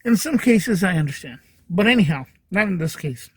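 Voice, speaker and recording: A man's voice: high-pitched, lively intonation, normal speed, fairly bright tone, husky, no room sound. A man hosting a podcast, telling a long personal story in a rambling way full of fillers and restarts. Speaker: podcast host. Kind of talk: casual storytelling monologue.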